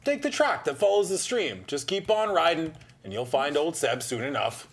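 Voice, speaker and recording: A man reading out the part of a jovial, weather-beaten older man, booming and hearty, in a tabletop gamebook session. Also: animated, normal speed, vocal fry, slight background noise.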